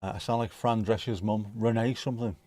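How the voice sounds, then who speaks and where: A man's voice: lowish voice, fairly even intonation, a little fast, a little mellow, no room sound. A man chatting casually and swearing as he comments on a football match on a live stream from home. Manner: chatty, sweary, laid-back. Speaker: streamer hosting a football watchalong.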